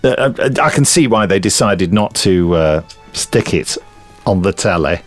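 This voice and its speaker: Animated man telling stories. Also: low voice, measured pace, faint music behind. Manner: animated storyteller, laughs often, acts out quotes. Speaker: podcast co-host. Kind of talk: casual chat.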